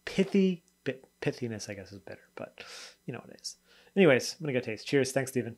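A man's voice: mid-range voice, sing-song, fast talker. A man casually reviewing a beer on his video channel, talking loosely, trailing off and correcting himself as he goes. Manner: rambling and chatty, often trailing off and correcting himself; loose, spontaneous tasting commentary.

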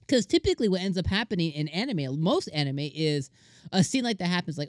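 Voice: mid-range voice, very animated, no room sound, studio quality. A host giving a casual anime episode review, talking enthusiastically and rambling with many restarts and fillers. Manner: acts out characters' lines in quick voices.

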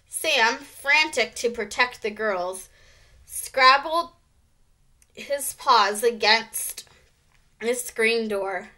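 Slow, bright-voiced woman teacher reading aloud. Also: a little high. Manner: slow, expressive storytelling. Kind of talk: read-aloud narration.

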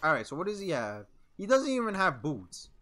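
A young man commentating his own video game match live, excitable and laughing, swearing and trash-talking as he plays. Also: a little high, a little fast. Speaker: gaming streamer.

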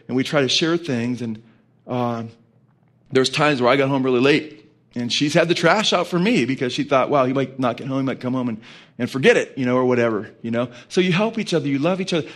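Middle-aged pastor guy, voice a bit high, rambly sermon, lots of asides and fillers.

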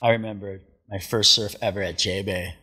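Animated man telling surf stories. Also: on the low side, a little fast, slightly rough. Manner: animated storyteller, acts out quotes, laughs often. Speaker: surf commentator and guest. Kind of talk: casual storytelling interview.

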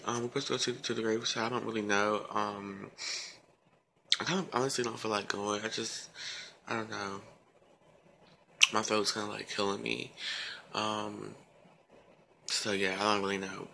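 A young man with a gravelly, creaky voice talks casually to his phone camera, full of ums and half-finished thoughts. He is outdoors at a country cemetery. Loud wind and bird noise sit behind him in a rough outdoor recording. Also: fairly low pitch. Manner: rambling, many ums and trailing-off sentences. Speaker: vlogger. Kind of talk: casual vlog talk. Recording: noisy outdoor recording with birds.

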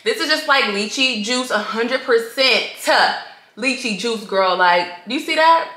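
A young woman in her twenties vlogging casually to camera, chatty and animated, talking straight to her viewers. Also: a little high, measured pace, reverberant. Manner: chatty and animated, addresses viewers as girl and y'all. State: out of breath. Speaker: lifestyle vlogger. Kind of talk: casual vlog chat to camera.

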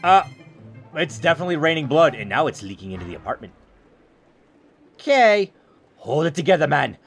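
Brief: lively gravelly guy, joking his way through a game. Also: fairly high pitch, fast, faint music behind. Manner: jokey, rambling, self-mocking. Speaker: gaming YouTuber. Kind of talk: let's play commentary.

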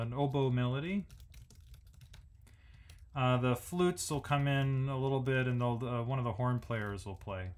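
A smooth, medium-pitched male voice leads a music lesson, thinking out loud while he breaks down a symphony. He's a music educator who sings the rhythms using nonsense syllables.

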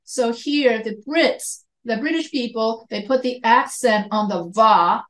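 A woman's voice: on the high side, unhurried, rough recording. American woman lecturing on grammar. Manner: explains step by step, repeats points, self-corrects. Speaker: writing instructor.

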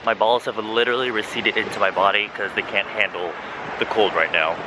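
A young man chatting casually to his camera as a vlogger, animated and swearing freely, with big jumps in pitch. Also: a little fast, heavy background noise. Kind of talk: casual vlog chat. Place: out and about, streets and cafés.

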